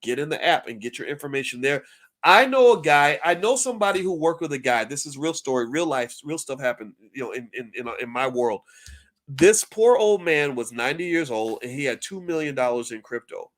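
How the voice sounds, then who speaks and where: Middle-aged male commentator, casual and animated, repeats words as he talks things through, mid-pitched voice. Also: brisk. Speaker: finance commentator. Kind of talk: casual direct-to-camera commentary.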